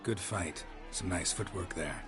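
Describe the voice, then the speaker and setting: A gruff monster hunter from a video game, with a low voice and short, calm, dry replies. Game music plays in the background. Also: male voice, unhurried, a crowd in the background.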